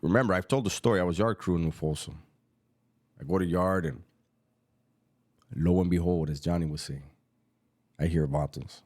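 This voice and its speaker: Deep-voiced man telling stories. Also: darkish tone. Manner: street slang, unhurried and reflective, quotes others in a lowered voice. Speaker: former prisoner telling his story. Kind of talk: casual storytelling.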